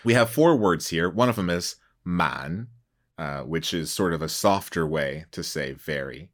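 A man hosting a conversational language lesson, animated and playful, often laughing and feigning alarm. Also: low-pitched, a little slow. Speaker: host.

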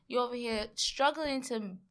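A woman's voice: fairly high pitch, normal speed, a bit bright. A woman co-hosting a casual podcast, telling stories expressively, acting out quotes and swearing freely. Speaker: podcast co-host. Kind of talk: casual chat.

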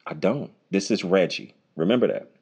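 Deep-voiced man, profane and blunt. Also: expressive, normal speed, vocal fry, darkish tone, breathy edge. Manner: voice jumps high when joking. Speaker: podcast host. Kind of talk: unscripted solo podcast monologue. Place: home recording, unedited.

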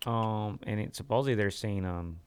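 A man's voice: lowish voice, a little hiss or hum. A man hosting a boxing podcast in casual chat, easygoing, with lots of ums and easy laughs. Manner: easygoing, fills pauses with um, laughs easily. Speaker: podcast host.

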